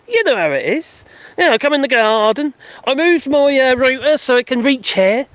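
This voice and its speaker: A host rambles through a casual live stream outdoors in a garden. The voice swings widely in pitch and laughs often. The sound is dry, with little room around it. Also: expressive, moderate pace, fairly bright tone, no room sound. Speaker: livestream host.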